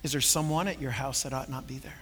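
A pastor preaching a sermon, earnest and full of rhetorical questions. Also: male voice, medium pitch, steady tone, fast talker, a bit bright, breathy edge. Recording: long hall reverb.

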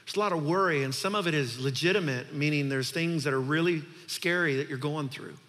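A man's voice: a little high, a little fast, a bit bright, in a large hall. A male pastor preaching a sermon in an earnest, conversational way, building to emphatic points.

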